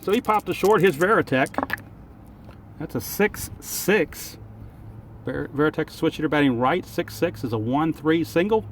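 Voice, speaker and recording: A man's voice: a little high, animated, a little slow, a little hiss or hum. Man calling a tabletop baseball game outdoors. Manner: thinks aloud over each roll. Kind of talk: play-by-play commentary of a dice game.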